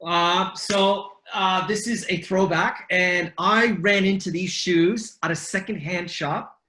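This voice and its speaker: A man's voice: high voice, fairly even intonation, slow, bright, forceful tone. A middle-aged man chatting casually as a podcast guest on a video call, rambling through a story with many fillers and restarts. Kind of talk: casual chat.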